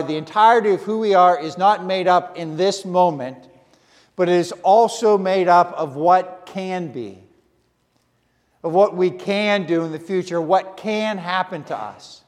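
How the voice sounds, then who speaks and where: Earnest preacher in a reverberant hall. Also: male voice, sits high. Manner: earnest, speaks in short repeated phrases with pauses. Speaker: pastor. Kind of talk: sermon.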